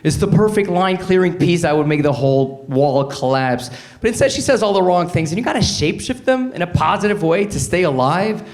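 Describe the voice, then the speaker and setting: A man's voice: sits high, expressive, fairly quick, hardly any pauses. A man from Canada in his forties doing a wry stand-up routine on a stage, acting out both sides of arguments. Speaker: stand-up comedian. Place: comedy stage before a live audience.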